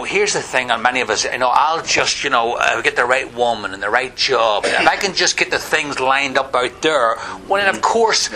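A man's voice: mid-range voice, bright, forceful tone, slight background noise, poor audio. A middle-aged man with a Northern Irish accent, giving a wry personal testimony at a recovery meeting, with many "you know" fillers. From Northern Ireland.

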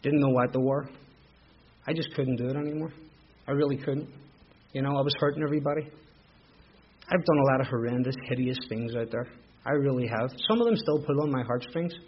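A middle-aged man from Northern Ireland, with a Belfast accent, candidly shares his own recovery story as personal testimony, repeating himself with emotion. His mid-range voice is brisk and breathy, broken by long pauses, on a dull lo-fi recording.

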